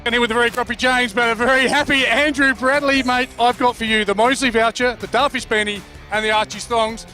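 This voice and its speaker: An Australian man with a high, bright voice, interviewing a player on the sideline after the match. He talks fast with jokey, upbeat banter. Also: steady tone, soft background music.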